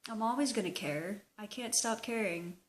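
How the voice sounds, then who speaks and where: A young woman talking slowly and hesitantly in a personal video diary, open and emotional. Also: mid-range voice. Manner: slow, hesitant, emotional confessional talk. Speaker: vlogger.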